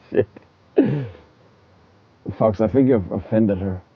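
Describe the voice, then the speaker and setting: Male livestreamer, lowish voice, rambling and stammering through casual chat; dull lo-fi audio. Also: very slow, husky. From from a country that uses military time. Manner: rambling, stammers and repeats words, laughs often. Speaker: streamer. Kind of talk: casual livestream chat to viewers while gaming.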